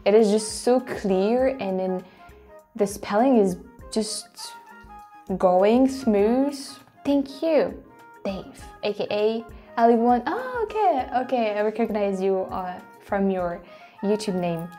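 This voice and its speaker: French woman reacting, mellow voice. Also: mid-range voice, slow, faint music behind. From France. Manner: animated, exclaiming and laughing often. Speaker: host. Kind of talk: casual reaction commentary.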